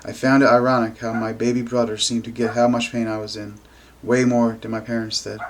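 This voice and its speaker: A man reading a novel aloud in first person, with steady, even delivery. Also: medium pitch, a little fast. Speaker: amateur reader.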